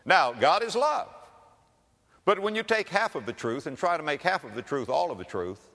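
A pastor preaches dramatically in a sing-song, sharp-toned voice at normal speed, his pitch swinging widely as he leans hard on key words. His voice rings out with a long hall reverb.

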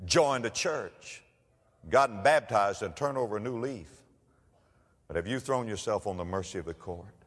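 A man preaching a sermon, telling stories and rising to loud emphatic declarations. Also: fairly low pitch, lively intonation, normal speed, breathy edge, long reverb tail. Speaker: pastor.

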